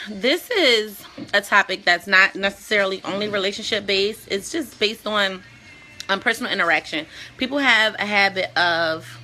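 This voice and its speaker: A woman with a bright, clear voice hosts a casual talk vlog. She speaks bluntly and conversationally, swears freely, and. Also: mid-range voice. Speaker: show host.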